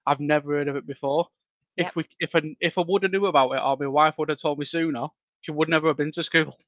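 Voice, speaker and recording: A man, a home-educating dad talking as a podcast guest, animated and laughing often. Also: fairly high pitch, fast, dry recording. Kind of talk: casual interview chat. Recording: dull lo-fi dry sound.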